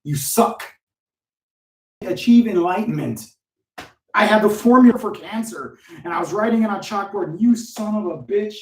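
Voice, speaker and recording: A man's voice: high-pitched, moderate pace, long pauses, roomy sound, far from the mic, slight background noise. A man coaching real estate agents in a live-streamed training talk, speaking bluntly and cursing freely. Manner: blunt, profane, animated.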